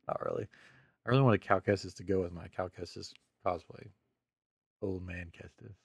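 A man with a slightly low voice chats playfully on a geek podcast, eager and animated about his hobbies. The sound is dry and close, with no room around it. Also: moderate pace, vocal fry, slightly rough, dry recording. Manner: playful, enthusiastic storyteller. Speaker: podcast co-host. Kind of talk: casual chat.

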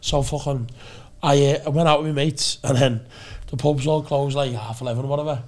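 A man's voice: medium pitch, fairly even intonation, a little fast. A man with a Scouse accent, telling long rambling stories in casual chat with lots of swearing and restarts. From Liverpool, England. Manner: rambling storytelling, heavy swearing, many restarts. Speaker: podcast guest.

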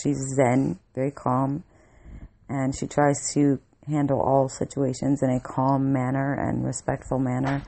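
A woman's voice: sits low, vocal fry, mellow. A woman hosting a casual podcast monologue, telling a story in an angry, profanity-heavy rant. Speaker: podcast host.

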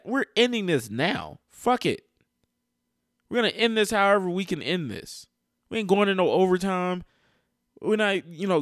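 A man's voice: sits high, fairly bright tone, no room sound. Man ranting as a sports fan, exasperated and profane, dry sound. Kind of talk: heated casual rant.

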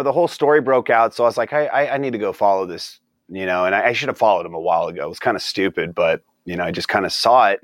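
A man's voice: on the low side, a bit bright, dry recording, clean studio sound. A man as a podcast guest, talking in a rambling, exasperated way and laughing often. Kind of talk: casual political chat.

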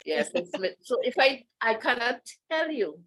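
A woman's voice: fairly high pitch, big pitch swings, moderate pace, fairly bright tone, husky, rough recording. A woman, a podcast guest chatting casually in a meandering way and laughing often. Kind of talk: casual interview chat.

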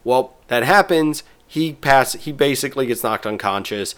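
A man's voice: mid-range voice, lively intonation, normal speed, fairly bright tone. A man in casual chat, rambling through an episode recap with restarts and quoted bits.

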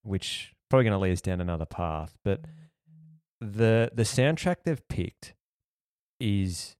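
Low-voiced Australian man chatting. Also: expressive, a little slow, darkish tone, clear, resonant tone, no room sound, studio quality. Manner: rambling, lots of likes and you-knows. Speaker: podcast host. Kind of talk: casual chat.

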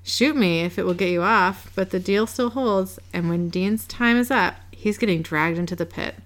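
A woman's voice: mid-range voice, normal speed, natural voice. Woman reading as a sly mocking demon. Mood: taunting. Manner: mocking, teasing. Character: sly taunting female crossroads demon.

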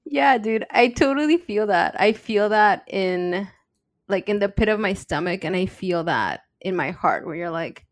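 A woman's voice: mid-range voice, lively intonation, unhurried, no room sound, clean studio sound. A woman co-hosting a podcast in casual chat. She tells personal stories in an earnest, open way. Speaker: podcast co-host.

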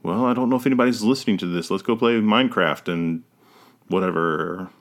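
Low-voiced man rambling casually. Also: fairly quick. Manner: rambling, self-correcting, trails off. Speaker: podcast host. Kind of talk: casual chat.

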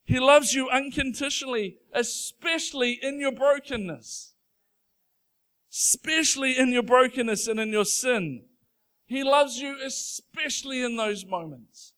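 Pastor: man, high-pitched, earnest, emphatic, slow and weighty on scripture readings, rising to fervent calls. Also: fairly bright tone, smooth. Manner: earnest, emphatic preaching that swells into fervent declaration; reads scripture slowly and deliberately. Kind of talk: sermon.

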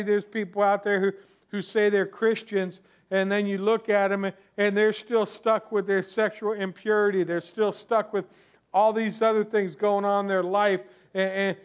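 A man's voice: sits high, clean tone. A man preaching a sermon as pastor, conversational, with restarts and asides to the congregation.

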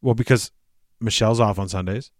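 Low-voiced laid-back podcast guy. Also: no echo, clean studio sound. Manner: relaxed, laughs easily, halting restarts. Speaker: podcast co-host. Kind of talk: casual chat.

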